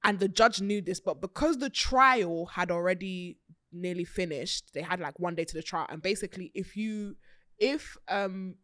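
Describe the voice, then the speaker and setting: A woman hosting a podcast, talking in a chatty, animated way, laughing often and swearing freely. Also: fairly low pitch, moderate pace, no room sound, clean studio sound. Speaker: podcast host. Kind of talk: casual chat.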